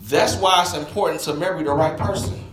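High-voiced preacher in an echoey church. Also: male voice, a little fast, crowd noise. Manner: animated, folksy, talks straight to the congregation. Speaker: pastor. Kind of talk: sermon.

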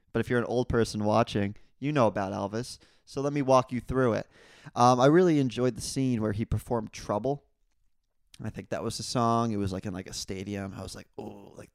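A young man hosting a casual solo podcast, telling rambling stories full of crude jokes and swearing, and getting louder and higher when he is worked up. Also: clean tone, dry recording, studio quality. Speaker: podcast host.

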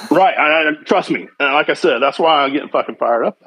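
A man telling a story in casual podcast chat, animated and swearing freely. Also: fairly high pitch, a little fast, a little hiss or hum, rough recording. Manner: animated storytelling, heavy swearing, quotes others.

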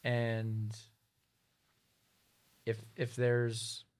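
A man's voice: medium pitch, completely flat delivery, very slow, clear, resonant tone. A man talking as a guest in a casual interview, thoughtful and a little hesitant as he speaks. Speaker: business owner guest.

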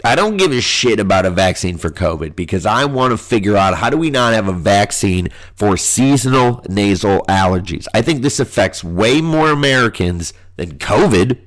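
A man talks alone on his podcast, his voice nasal and clogged by a stuffy nose. He rants and swears freely in a loose, casual flow. His voice sits a little low. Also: expressive, moderate pace, few pauses. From US Midwest. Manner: crude, ranting, profane. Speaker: podcast host. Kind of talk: casual solo podcast monologue.

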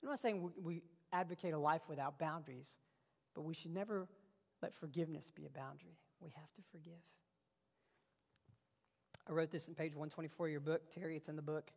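A man preaching a sermon, telling stories with passion and swinging between loud bursts and hushed lines. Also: fairly high pitch, fairly even intonation, fairly quick, vocal fry, long pauses. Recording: long reverb of a large hall.

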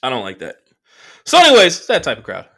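Animated profane comedian telling a story. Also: male voice, fairly high pitch, fast. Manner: profane, animated, lots of fillers. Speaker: comedian and podcast host. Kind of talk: casual storytelling monologue.

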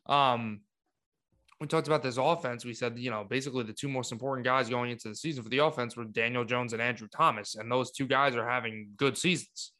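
A man co-hosting a sports podcast, talking in casual, animated rants with frequent restarts. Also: medium pitch, fairly quick. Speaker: podcast co-host.

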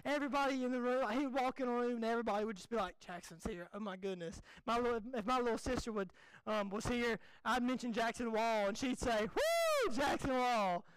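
A young man, a pastor preaching a folksy, animated, self-deprecating sermon. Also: very high voice, quick pace, clear, resonant tone, dry recording, rough recording.

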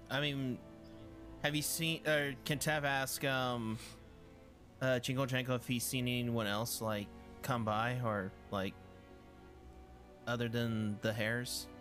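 Man, mid pitch, slow, hesitant tabletop player. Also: little pitch movement, a bit bright, soft background music. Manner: hesitant, thinking aloud. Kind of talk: casual play and chat.

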